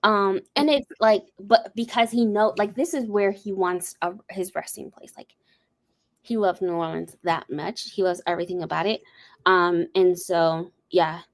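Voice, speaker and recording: A woman's voice: lowish voice, steady tone, moderate pace. A woman hosting a livestream, chatting casually and rambling through a story with lots of fillers. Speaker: host. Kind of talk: casual chat.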